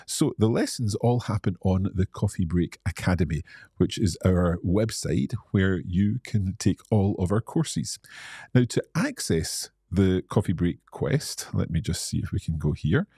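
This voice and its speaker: A man's voice: low-pitched, expressive, unhurried, warm tone, slightly rough, no room sound, clean studio sound. A Scottish man hosting a live-stream Q&A as an English teacher, reading out viewer comments and explaining things in a friendly way.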